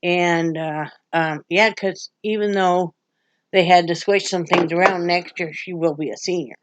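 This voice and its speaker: An older woman from Wyoming, vlogging in casual, rambling chat to her viewers, emotional and quick to laugh. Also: on the low side, fairly even intonation, highs cut off, background noise. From Wyoming, USA.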